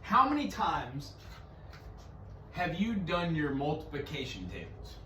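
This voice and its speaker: A male music teacher gives a private lesson, explaining things patiently and counting beats out loud. His voice sits a little high and moves animatedly up and down. A faint ambient hum sits behind him. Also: huge pitch swings, unhurried.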